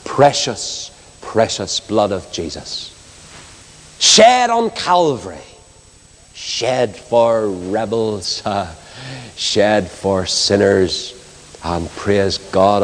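Impassioned preacher in a hall. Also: male voice, on the low side, sing-song, very slow, long pauses. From Northern Ireland. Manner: impassioned, swings from loud exclamations to hushed storytelling. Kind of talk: evangelistic sermon. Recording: long hall reverb.

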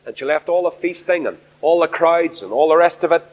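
A man's voice: fairly high pitch, lively intonation, brisk. A man preaching an earnest sermon at a Bible study, asking rhetorical questions. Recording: echoey hall, dull lo-fi sound.

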